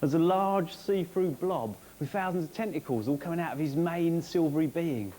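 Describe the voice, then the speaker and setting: A comedian voicing his forgetful male flatmate in a slow, hesitant deadpan. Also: a little high, slight background noise, lightly acted.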